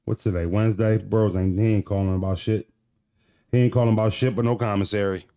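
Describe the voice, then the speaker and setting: A man's voice: fairly low pitch, steady tone, fast talker, warm tone, smooth, no room sound, clean studio sound. A man vlogging in a casual comedic monologue, profane and rambling, laughing often as he jokes.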